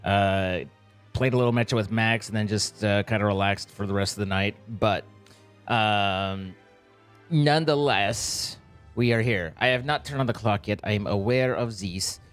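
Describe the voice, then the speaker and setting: A man's voice: fairly low pitch, normal speed, smooth, soft background music. A young man live-streaming a game, chatting loosely and greeting viewers by name in a rambling, playful way. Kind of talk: casual live-stream chat.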